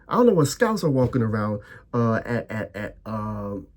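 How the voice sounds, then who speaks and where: A man's voice: on the low side, sing-song, normal speed. A young man ranting as a football fan, heated and profane, stammering over his restarts.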